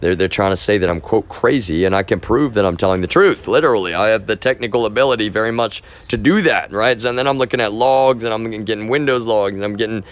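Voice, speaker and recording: A man with a very low voice talks straight to his stream, unscripted and loose. He circles back and restarts his sentences often, pressing the same point over and over. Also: fast talker, hardly any pauses. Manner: rambling, with many restarts and repeated phrases; insistent, keeps stressing his point. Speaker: livestreamer. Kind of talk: casual unscripted monologue.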